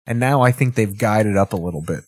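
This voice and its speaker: A man's voice: lowish voice, fairly quick, darkish tone, dry recording. A man giving casual, profane commentary as he reacts to TV clips, rambling with wry asides.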